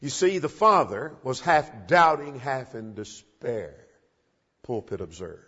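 A man preaching an expository sermon, retelling the text with emphatic rises and soft drops. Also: mid-range voice, sing-song, slow, slightly rough. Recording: dull lo-fi recording in a reverberant church hall.

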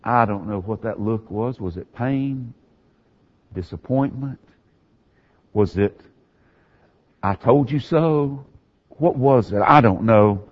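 A male pastor preaching a sermon, telling the story with animated swings from hushed to raised delivery. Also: medium pitch, slow, pauses often, dull audio.

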